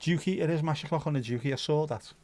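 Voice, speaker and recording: A man's voice: fairly high pitch, fast, a little mellow, no echo. Chatty man hosting a livestream. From Liverpool, England. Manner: chatty, sweary, rambling banter. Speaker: livestream host. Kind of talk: casual chat reading viewer comments.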